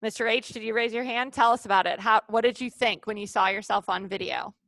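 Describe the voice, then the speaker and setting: A woman's voice: mid-range voice, steady tone, brisk, creaky, a bit bright, dry recording. A woman leading a live online training session over a video call, upbeat and coaxing the participants.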